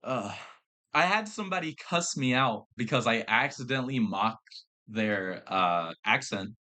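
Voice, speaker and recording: Brief: young male podcast host, bright forceful tone, rambling and profane. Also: mid-range voice, animated, unhurried. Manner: rambling, swears freely, frequent fillers. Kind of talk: casual storytelling chat.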